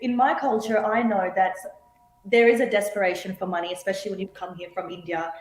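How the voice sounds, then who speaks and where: An earnest, animated woman hosts a casual podcast chat and laughs often. Her voice sits at a middle pitch, and a roomy echo hangs around it. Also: brisk. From Australia. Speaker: podcast host.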